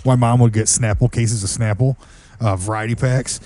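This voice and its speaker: A man with a dark, mellow voice trading crude, profane jokes in loose podcast banter. He mocks and teases his friends at an easy middle pitch. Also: fairly even intonation, normal speed. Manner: profane, mocking, teasing. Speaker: podcast co-host.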